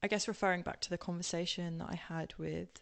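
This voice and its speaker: Guesting on a podcast, this young woman from England talks fast in a fairly low, even voice with vocal fry. Her southern English accent now sounds posh, and her casual storytelling wanders into tangents, with plenty of ums and laughs.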